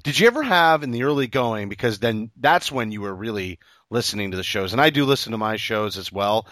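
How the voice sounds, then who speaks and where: A man's voice: fairly low pitch, lively intonation, brisk, fairly bright tone, dry recording, studio quality. Reflective man asking long questions. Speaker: podcast interviewer. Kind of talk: casual podcast interview. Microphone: remote call.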